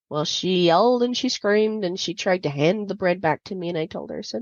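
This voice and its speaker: A woman's voice: lowish voice, animated, normal speed, few pauses, a little mellow, dry recording. A woman hosting a podcast, telling a personal story in a candid, confiding way with many fillers. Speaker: podcast host. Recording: dull lo-fi dry sound.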